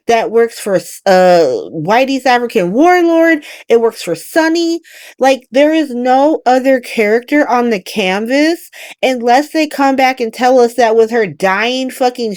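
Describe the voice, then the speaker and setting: A woman's voice: on the high side, no room sound. Woman, casual soap recap, blunt and profane, dry close recording. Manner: blunt, profane and animated, acting out characters' lines. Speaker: podcast host recapping a soap opera.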